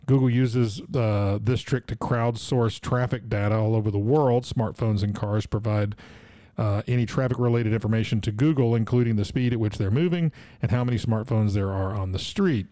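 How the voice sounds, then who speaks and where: A man's voice: on the low side, moderate pace, mellow, no echo. A man co-hosting a podcast, reading news stories aloud and adding wry asides in bantering chat.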